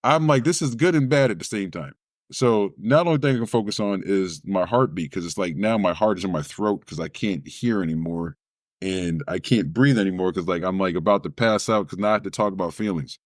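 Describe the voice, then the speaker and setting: With a deep voice and a fairly quick pace, a male spoken word poet relates a personal story in an interview, animatedly voicing the other people in it. The studio-quality recording has no echo.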